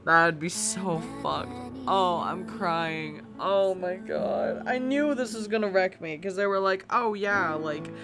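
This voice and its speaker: A woman's voice: lowish voice, measured pace, few pauses. A woman playing a game, reading its text aloud and reacting with emotion, laughter and casual swearing. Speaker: game streamer. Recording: game music under the voice. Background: game music.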